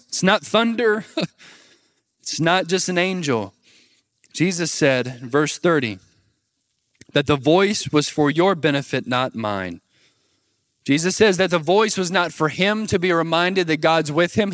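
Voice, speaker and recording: Guy preaching, high voice, gets the crowd to say words back, dry sound. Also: no room sound. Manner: animated preaching, asks the crowd to repeat words. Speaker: pastor. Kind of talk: sermon.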